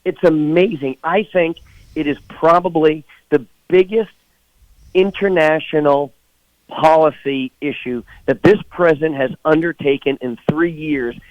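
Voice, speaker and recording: A man's voice: a little high, dry recording. Indignant man on a muffled line. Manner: indignant, emphatic. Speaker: political guest. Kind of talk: phone-in radio interview.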